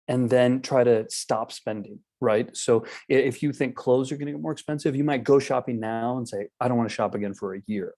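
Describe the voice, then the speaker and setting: A man's voice: lowish voice, warm tone. A man giving a casual webinar presentation on markets, explaining in a loose way with many fillers and restarts. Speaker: wealth management presenter.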